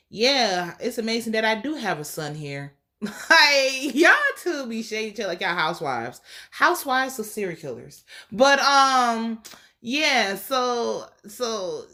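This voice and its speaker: A woman's voice: mid-range voice, sharp tone. A woman recapping a TV episode in a sassy, profane, casual way, acting out the characters' lines as she goes. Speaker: TV show reviewer.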